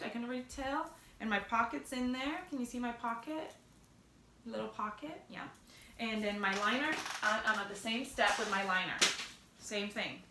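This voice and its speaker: A woman's voice: on the high side, reverberant, background noise. A young woman talking through a sewing project in a casual, chatty way, often correcting herself. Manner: chatty, self-correcting, upbeat. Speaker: sewing instructor.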